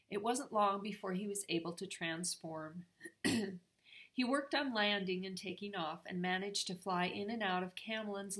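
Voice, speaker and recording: An older grandmother reading a chapter book aloud to her grandchildren. She reads steadily and clearly. Her voice is bright and ringing. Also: medium pitch.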